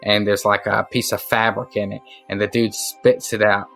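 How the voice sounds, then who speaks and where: Bright-voiced, casual male game master. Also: on the low side, little pitch movement, normal speed, gravelly, faint music behind. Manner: casual, loose, full of fillers. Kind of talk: narrating a tabletop game.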